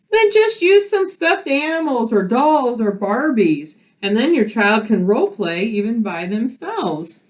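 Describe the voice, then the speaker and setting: A woman teacher telling a children's story at home and explaining it while she acts it out, recorded on a camera. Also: a little high. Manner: slow, animated, teacherly explaining. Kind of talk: storytelling role play for children.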